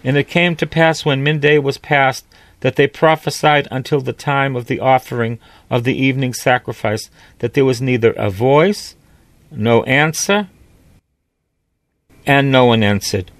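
A man's voice: medium pitch, measured pace, no room sound. A priest preaching a sermon, reading scripture aloud and breaking off to explain it, lifting his voice when he quotes God or a prophet.

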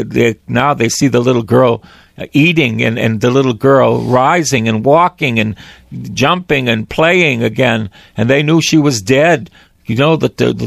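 A man's voice: medium pitch, vocal fry, dry recording, clean studio sound. A man, a priest, preaching on a broadcast in a fervent, pleading way, repeating his phrases.

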